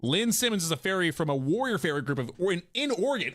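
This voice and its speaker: A young man chatting on a live stream, joking at his own expense and laughing often. His voice sits a bit high and bounces all over the place. The tone is bright and forceful. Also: fast talker. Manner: animated, jokey and self-mocking, laughs often. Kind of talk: casual live-stream chat while reading voice scripts.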